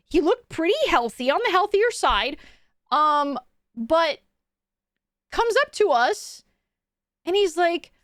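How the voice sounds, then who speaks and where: A woman's voice: high voice, a bit bright, no room sound, clean studio sound. A young woman streamer casually telling a story, rambling with lots of fillers and restarts. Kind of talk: casual chat.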